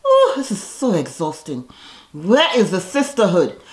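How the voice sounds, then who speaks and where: A woman giving a casual recap of a reality TV episode, blunt, sassy and animated as she comments on the cast. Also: medium pitch, measured pace.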